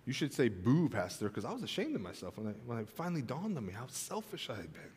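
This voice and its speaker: A man preaching a sermon as pastor, telling a funny home story, then turning soft and earnest. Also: medium pitch, fast talker, in a large hall, a little hiss or hum. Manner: storytelling with humor, swings from animated to soft and earnest. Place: church sanctuary.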